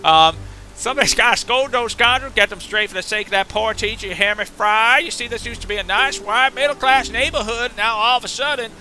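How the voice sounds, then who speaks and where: Man putting on a loudmouthed old game fish, slurring drunken drawl, high and bright, swoops around. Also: a little fast, a little hiss or hum, exaggerated voice. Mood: ranting. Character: brash loudmouthed old male fish, gossipy.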